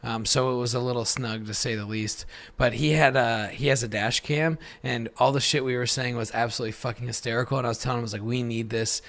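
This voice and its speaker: A man's voice: mid-range voice, steady tone, fast, creaky, fairly bright tone. A young man hosting a podcast, telling a casual, profane story with easy laughter. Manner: laid-back, profane, laughs through his stories. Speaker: podcast host.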